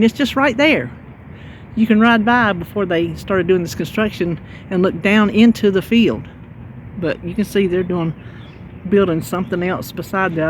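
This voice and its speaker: Loud traffic and passing cars fill this outdoor recording, shot on a handheld phone as a North Carolina vlogger walks the windy streets of her town. Her fairly low voice carries a Southern accent, and she chats in a rambling, folksy way. She gives her viewers, y'all as she calls them, a casual tour.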